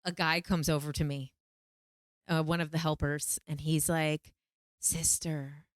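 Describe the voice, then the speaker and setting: A woman vlogger telling a personal story in a casual, animated way, acting out her own pleading lines in a higher voice. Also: normal speed, no room sound, studio quality. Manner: animated, quotes herself in pleading high voice.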